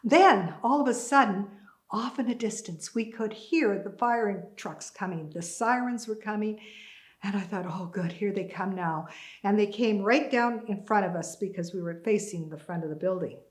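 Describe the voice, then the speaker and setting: A woman's voice: medium pitch, normal speed, reverberant. An older woman recounting a personal survival story to an audience, acting out her own thoughts and the dialogue vividly. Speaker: community storyteller.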